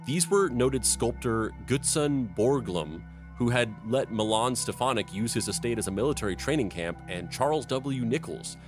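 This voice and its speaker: A man hosting a comedic history podcast, narrating events and breaking off into playful, silly tangents. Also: on the low side.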